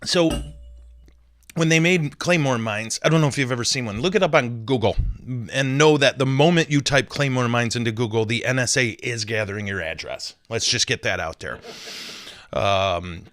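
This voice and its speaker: A man's voice: medium pitch, normal speed, a bit bright, dry recording, clean studio sound. A man, a Catholic priest, hosting a podcast in a casual, joking, rambling way with self-deprecating asides.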